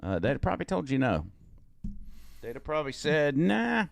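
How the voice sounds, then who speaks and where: A man's voice: mid-range voice, very animated, fairly quick, vocal fry, no echo. A man, co-hosting a podcast in casual, rambling chat. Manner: laid-back, rambling with fillers. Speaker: podcast co-host.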